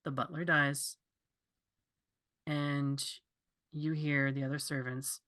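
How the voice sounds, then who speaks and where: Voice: mid-range voice, level tone, slow, long pauses, sharp tone. A game master narrating a tabletop role-playing scene with loose, hesitant description.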